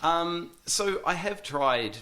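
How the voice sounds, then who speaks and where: A man's voice: fairly high pitch, animated, takes it slowly, bright, forceful tone. A man in his thirties with a New Zealand accent, an interview guest talking casually and hesitantly, with many ums and restarts.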